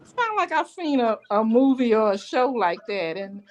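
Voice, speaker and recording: A woman's voice: a little high, big pitch swings, moderate pace, darkish tone. A woman in a casual panel chat, recounting things she saw with easy laughter. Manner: chatty, laughs easily.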